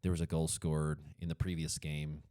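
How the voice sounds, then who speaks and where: Man, Colorado accent, deep voice, warm tone, rambling casual chat, dry sound. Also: level tone, moderate pace, no echo. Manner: rambling, self-correcting, chuckles at himself. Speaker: podcast co-host.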